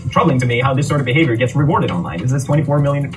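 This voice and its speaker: A man's voice: mid-range voice, expressive, rapid-fire. A man giving blunt, critical reaction commentary. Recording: distant mic with music behind.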